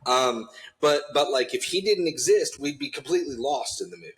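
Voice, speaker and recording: A man's voice: medium pitch, lively intonation, brisk, a bit bright, rough recording. A man co-hosting a horror film podcast, making wry, sarcastic asides in casual chat. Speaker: podcast co-host.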